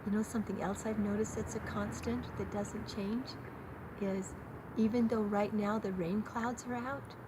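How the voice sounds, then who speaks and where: An older woman hosting a gentle talk to her grandchildren, speaking tenderly in simple words for small children. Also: mid-range voice, moderate pace. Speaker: host. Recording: steady background noise.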